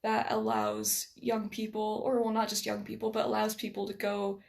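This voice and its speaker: A woman's voice: medium pitch, sing-song, normal speed, vocal fry, darkish tone. An American woman whose accent carries a slight Scottish influence, chatting casually as a guest, full of fillers and restarts. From United States. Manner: chatty, self-deprecating, many fillers and restarts. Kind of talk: casual conversation.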